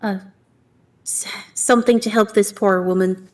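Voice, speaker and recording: Woman player, halting, everyday pitch. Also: steady tone, darkish tone. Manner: hesitant, lots of ums. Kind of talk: tabletop role-play, in character.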